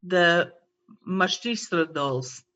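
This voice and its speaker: A woman's voice: fairly low pitch, expressive, extremely slow, a bit bright. A woman co-hosting a podcast over a video call, chatting casually in a teasing way. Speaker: podcast co-host. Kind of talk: casual chat. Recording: dull lo-fi video call audio.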